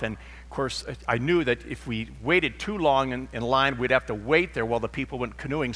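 A middle-aged man preaches in a church sanctuary, his tone bright and forceful. He tells stories and acts out their dialogue. A long reverb from the large hall hangs behind his voice. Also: medium pitch. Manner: storytelling, acts out dialogue in quotes. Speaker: pastor. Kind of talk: sermon.

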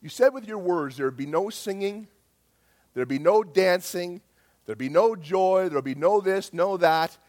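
A man preaching a sermon, voicing God as a calm, fatherly presence in a low, hushed tone. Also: measured pace. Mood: gentle rebuke.

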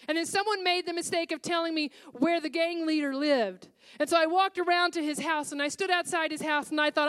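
A woman's voice: high voice, fairly quick, a bit bright. A woman pastor preaching to a congregation in a church, telling a personal story in an earnest, emotional way. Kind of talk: sermon with personal testimony.

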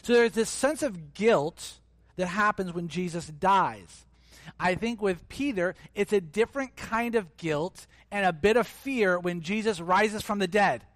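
A man's voice: high-pitched, unhurried, a bit bright, no room sound. A male pastor preaching a sermon in a conversational, emphatic way, acting out little scenes as he goes.

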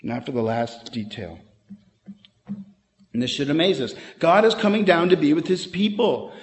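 A man preaching a sermon as pastor, earnest and emphatic, with quick conversational asides. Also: on the high side. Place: church sanctuary. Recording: long hall reverb.

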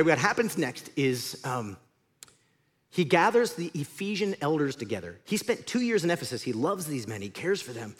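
A man preaching a sermon as pastor, in an animated, conversational storytelling way. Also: mid-range voice.

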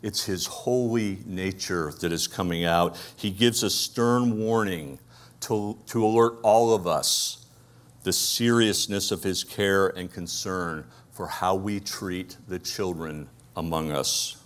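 A man's voice: deep voice, takes it slowly. A man with a Brooklyn accent preaching a conversational sermon, asking his listeners rhetorical questions. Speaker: pastor.

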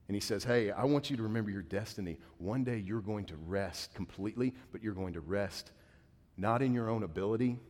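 A male pastor preaching a conversational sermon, dropping to a hushed voice when quoting. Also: on the low side, fairly quick. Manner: conversational preaching, drops to a hushed voice for quoted words. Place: church sanctuary. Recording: reverberant church hall.

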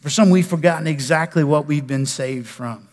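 High-voiced pastor preaching in a hall. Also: male voice, moderate pace. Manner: animated, preaching with loud bursts and quiet drops. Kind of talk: sermon. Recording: long reverb of a large hall.

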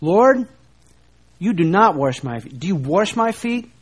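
A man's voice: sits high, big pitch swings, unhurried, husky, exaggerated voice. A man voicing an impetuous male disciple, speaking in pleading, emphatic exclamations. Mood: indignant.

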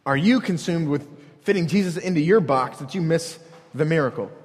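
A man's voice: on the high side, fairly quick, in a large hall. A man preaching a sermon as pastor, earnest and repetitive, pressing his point with rhetorical questions.

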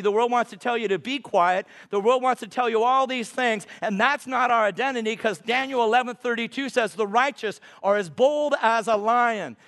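A middle-aged guest preacher with a notably high, slightly bright voice delivers a sermon with emphasis, drawing out his scripture quotations.

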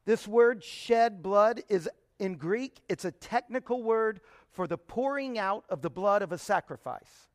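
High-voiced man teaching the Bible. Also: expressive, a little slow, few pauses, no echo, clean studio sound. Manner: emphatic, asks rhetorical questions.

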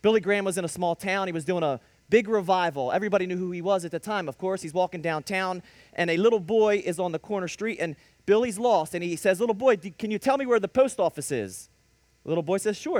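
A male preacher delivering a lively sermon, telling stories and rising to sudden emphatic bursts. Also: high-pitched, no echo. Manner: animated preaching with storytelling and sudden emphatic rises.

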